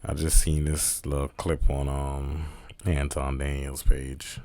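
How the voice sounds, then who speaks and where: A man's voice: rumbling low, little pitch movement, slow pace, dark tone. A man hosting a casual reaction video, talking in a slangy, rambling, offhand way.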